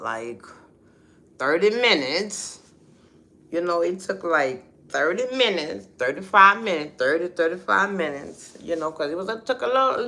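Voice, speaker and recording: A woman's voice: sits low, bright, forceful tone. A middle-aged woman telling a story on a casual livestream, emphatic and heated, often saying "you know". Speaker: livestream host.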